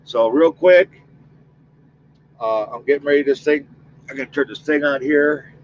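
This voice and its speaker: Speaking at a moderate pace in a voice on the high side, a male paranormal investigator runs a spirit-box session. He talks casually with his audience and leads them in a spoken protection prayer, over dull audio with slight hiss or hum.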